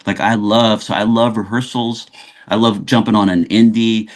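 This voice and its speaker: A man, an actor guest in a casual interview, telling animated stories and acting out the dialogue. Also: lowish voice, moderate pace. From Los Angeles. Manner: animated storyteller who acts out quoted dialogue.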